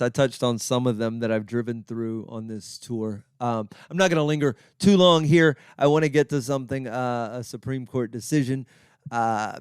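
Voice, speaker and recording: A man from Texas hosts his own podcast, musing aloud in a loose, rambling way and tossing in wry jokes at his own expense. His voice is smooth and resonant, and it sits in an ordinary middle register. The sound is close and dry, with no room in it. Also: medium pitch, no echo. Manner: wry, conversational, self-deprecating asides. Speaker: podcast host. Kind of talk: casual rambling monologue.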